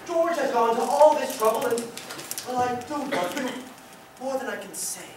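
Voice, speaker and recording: A woman's voice: on the high side, animated, normal speed, noisy background, natural voice. A young woman on a school stage playing an earnest, pleading young groom. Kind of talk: high school musical theatre. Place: school stage in a large hall. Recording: echoey auditorium taped from far off.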